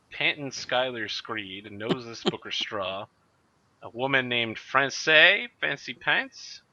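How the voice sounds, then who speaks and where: A man narrating a tabletop game as game master, briskly and playfully, in a muffled lo-fi recording. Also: medium pitch, pushed and bright.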